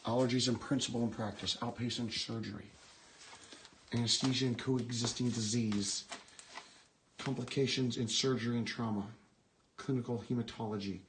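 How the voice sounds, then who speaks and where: A man exploring an abandoned medical building and talking live to viewers on his phone, musing in a hushed, awed way as he reads book titles aloud. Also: medium pitch, fairly even intonation, moderate pace, noisy background. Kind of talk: rambling live-stream chat.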